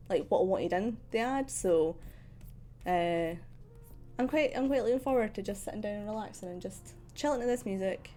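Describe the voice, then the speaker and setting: This medium-pitched young woman from central Scotland has a gentle, somewhat posh Scottish accent. She chats loosely while drawing on a stream, laughing a lot and peppering her talk with ums and likes.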